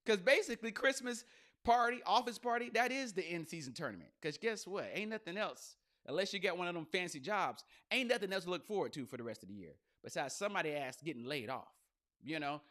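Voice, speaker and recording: A male comedian hosting a podcast, riffing in an animated, profane monologue full of slang. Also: high voice.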